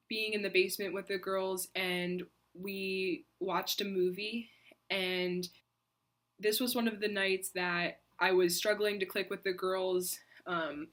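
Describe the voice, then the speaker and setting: Young adult woman, mid pitch, earnest reflective storyteller, casual vlog delivery with pauses. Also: fairly bright tone. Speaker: faith vlogger. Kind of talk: personal storytelling.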